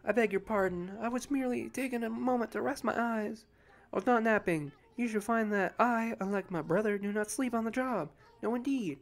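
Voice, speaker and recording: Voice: medium pitch, fairly quick, pitched above the performer's own voice, natural voice. A player voicing a dignified, proper female owl while reading game dialogue aloud. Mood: prim. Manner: dignified, indignant politeness.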